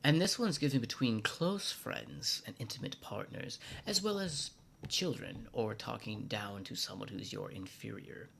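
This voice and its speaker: A man's voice: mid-range voice, vocal fry. American man hosting a language vlog. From United States. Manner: playful, drops into hushed asides and mock-formal speech. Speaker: vlog host teaching Japanese. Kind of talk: scripted educational vlog narration.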